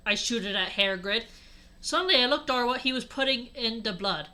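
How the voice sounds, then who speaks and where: Young woman doing a deadpan comic reading. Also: fairly high pitch, normal speed. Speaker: host reading a fanfic aloud.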